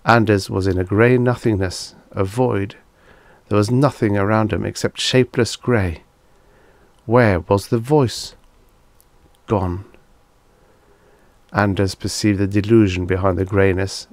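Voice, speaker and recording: A man narrating a vintage science fiction audiobook in a measured, deliberate reading. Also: lowish voice, darkish tone, no room sound. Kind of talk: scripted narration.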